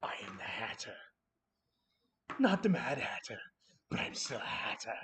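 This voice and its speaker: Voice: mid-range voice, very animated, normal speed, a bit bright, distant mic, slight background noise. Boastful hatter guy, whispery drawl, swoops around, streamer doing a bit. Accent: briefly Australian-sounding.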